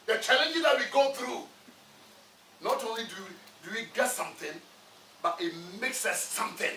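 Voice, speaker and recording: A man with a very high, forceful voice gives an emphatic motivational talk to students. He repeats his points and puts questions to his listeners. The sound is echoey and picked up from some distance. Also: lively intonation, moderate pace. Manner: emphatic, repetitive, asks the audience questions. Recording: echoey room, voice from afar.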